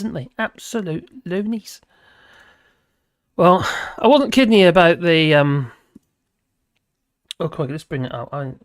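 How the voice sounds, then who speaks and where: A man's voice: high voice, no echo, studio quality. A man hosting a live stream, chatting casually with viewers and rambling between topics while laughing often.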